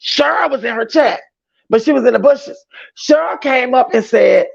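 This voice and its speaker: Gravelly high-voiced man streaming gossip. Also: expressive, normal speed. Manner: chatty, emphatic, addresses viewers as y'all. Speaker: livestream host. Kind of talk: livestream gossip commentary, reading chat aloud. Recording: dull lo-fi stream audio.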